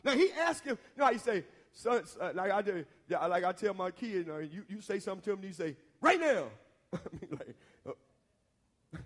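A middle-aged man preaching a sermon, folksy and quick to laugh, often asking the congregation questions. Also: high-pitched, expressive.

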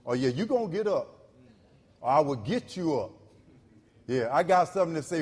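A male pastor, preaching a sermon in call-and-response style. He repeats phrases and swings from loud to low. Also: sing-song, normal speed, long pauses, husky, big-room sound.

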